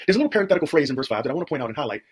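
Male preacher, rapid-fire sermon delivery, heavily husky voice, emphatic repetition and rhetorical questions. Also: a little high, big pitch swings. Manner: emphatic, repeats phrases, rhetorical questions to the congregation.

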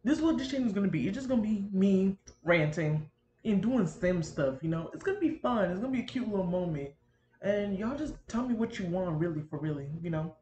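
A woman chatting casually to her viewers while she sets up a video, rambling and animated, recorded at home on a built-in computer mic. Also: mid-range voice, brisk, echoey room, dull audio. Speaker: gaming YouTuber. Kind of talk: casual chatty vlog narration. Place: home room near a busy street.

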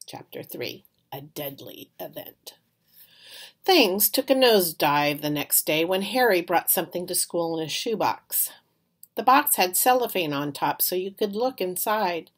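A woman reading a children's chapter book aloud in an expressive storytelling manner. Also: on the low side, husky. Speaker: reader.

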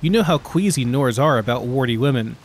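A man's voice: medium pitch, expressive, a little fast, a little hiss or hum, lightly acted. A man voicing an aging, weary emperor who mutters and growls his complaints while reading a game book aloud. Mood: grumbling. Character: weary aging male emperor, grumbling and petulant.

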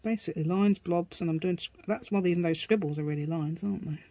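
A craft vlogger chats casually while demonstrating a craft, rambling as she works and making asides to her dog. Her voice is lowish and dark, she talks fast, and there's no echo.

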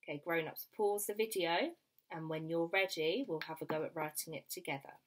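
A young woman teaching a phonics lesson to small children, slowly sounding out each letter and word. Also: low voice, steady tone. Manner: slow, clear sounding-out of letters. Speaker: primary school teacher.

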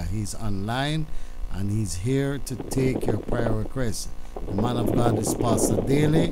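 A man hosts a gospel call-in radio program from a studio, using an ordinary mid-range voice. He repeats his phrases and reads out his announcements slowly and deliberately. A faint hum sits under his voice. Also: medium pitch, dark tone, poor audio. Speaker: radio show host.

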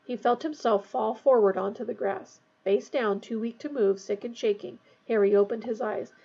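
A woman narrating a fantasy novel aloud in a tense, hushed storytelling manner. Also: fairly high pitch, fairly even intonation, normal speed, creaky, slightly rough, dull audio. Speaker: audiobook reader.

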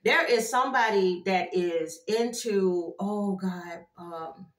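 A woman doing a casual tarot card reading for her viewers, animated and chatty, with frequent exclamations. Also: mid-range voice, slow pace. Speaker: tarot reader. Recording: echoey room.

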